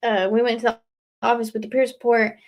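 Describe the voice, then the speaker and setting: A woman's voice: a little high, little pitch movement, fairly quick. A young woman speaks as a guest in a casual live interview. She talks earnestly and rambles, with lots of fillers. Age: young adult. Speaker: guest leaving a recovery house.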